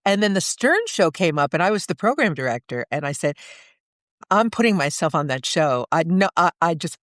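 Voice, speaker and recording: An older woman with a New York accent, telling lively stories as a guest in an interview and acting out the people in them. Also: sits low, brisk, no room sound, clean studio sound. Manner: lively storyteller, acts out voices. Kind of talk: storytelling interview.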